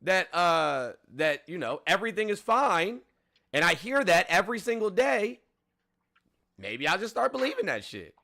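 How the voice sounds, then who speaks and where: Brief: male call-in host, higher pitch, very bright and forceful tone, blunt and profane. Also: very animated, moderate pace, creaky. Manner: blunt and profane, with frequent fillers. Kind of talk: casual political chat.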